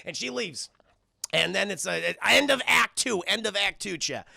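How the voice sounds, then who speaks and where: Gravelly, bright-voiced man recapping a film. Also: high voice, normal speed, no echo. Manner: profane, excitable retelling that keeps addressing the chat. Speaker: film reviewer streaming to chat. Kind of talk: casual spoken film recap to a live chat.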